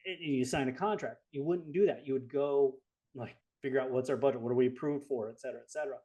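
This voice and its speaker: A man from Southern California co-hosting a webinar, explaining things through drawn-out analogies. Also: medium pitch, dull audio. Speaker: co-host. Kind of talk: webinar talk.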